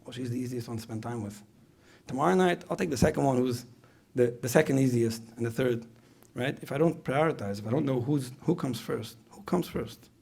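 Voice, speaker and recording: Gravelly fast-talking male lecturer. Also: medium pitch, a little mellow. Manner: repeats phrases, asks the audience questions. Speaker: speaker at a parenting retreat. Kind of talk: conversational lecture.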